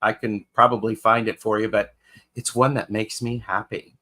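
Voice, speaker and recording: A man's voice: fairly low pitch, little pitch movement, moderate pace, pushed and bright. A man co-hosting a live tarot stream in casual chat, greeting viewers by name with fillers and restarts.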